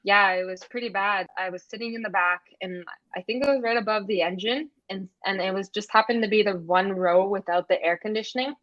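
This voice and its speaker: A woman's voice: mid-range voice, a little fast, hardly any pauses, a bit bright, no echo, dull audio. A woman from Canada, a podcast guest telling her own story in an earnest, matter-of-fact way, with frequent "like". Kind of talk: personal storytelling in conversation.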